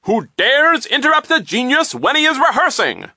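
A man putting on a booming, pompous vice principal. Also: big pitch swings, brisk, no room sound, studio quality. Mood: indignant. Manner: loud, grandiose, mocking.

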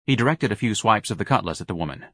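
A man narrating an audiobook in a measured, wry storytelling manner. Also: on the low side, lively intonation, a bit bright, no echo, clean studio sound. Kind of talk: scripted narration.

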